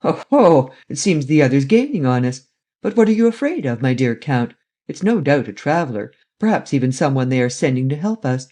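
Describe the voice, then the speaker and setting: A man voicing Lupin, a witty, mocking gentleman thief, in a read-aloud adventure story. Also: mid-range voice, sing-song, a little fast. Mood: jaunty. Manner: mocking, jaunty.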